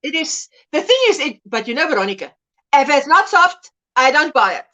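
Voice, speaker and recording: A woman's voice: high voice, sing-song, brisk, noisy background. A middle-aged woman hosting a casual livestream chat, reading viewers' comments aloud and laughing often. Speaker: livestream host.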